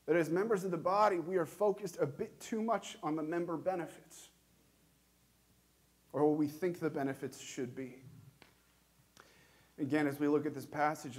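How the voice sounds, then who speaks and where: A man with a somewhat high voice preaches a sermon in a church. He talks earnestly and measuredly, posing question after question and leaning on his pauses. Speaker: pastor.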